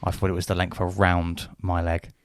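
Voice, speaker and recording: Man, co-host, teasing, casual chat, low voice, dry mic. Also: monotone, normal speed, dry recording. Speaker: podcast co-host.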